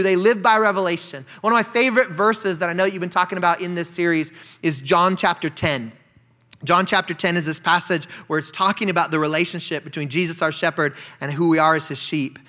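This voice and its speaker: Young guy preaching, high bright voice, gets loud then drops quiet, keeps pushing the crowd for amens. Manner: emphatic preaching with wide swings between loud and hushed delivery; prompts the congregation for responses. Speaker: pastor. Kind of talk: sermon.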